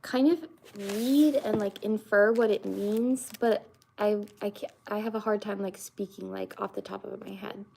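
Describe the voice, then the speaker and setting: A woman's voice: mid-range voice, steady tone, measured pace, vocal fry, mellow, a little hiss or hum. A young woman, chatting casually with her stream viewers in a rambling way, full of fillers and restarts. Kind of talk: casual live-stream chat.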